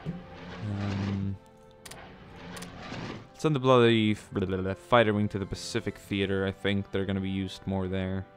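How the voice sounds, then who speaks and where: A man's voice: low voice, little pitch movement, unhurried, long pauses, faint music behind. A man giving casual gameplay commentary, chatty, with many ums and joking asides. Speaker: let's play gamer.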